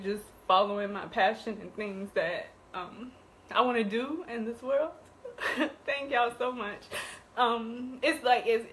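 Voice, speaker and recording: A young woman co-hosting a casual live talk show, speaking haltingly and softly with many pauses and fillers. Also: medium pitch, a little hiss or hum, rough recording. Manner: halting, soft-spoken, many ums. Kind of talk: casual live-stream chat.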